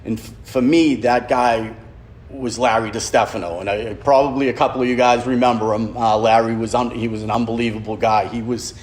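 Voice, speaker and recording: A middle-aged man, a police officer telling his faith story to a retreat group, halting and heartfelt with many stammered restarts. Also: medium pitch, fairly even intonation. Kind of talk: personal testimony to a men's retreat.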